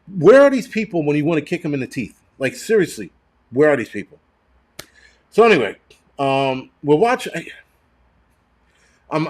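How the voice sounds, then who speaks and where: Man, angry profane livestream rant, slightly high voice, stammering restarts. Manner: halting restarts and repeated words. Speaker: livestream host. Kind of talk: live-streamed rant.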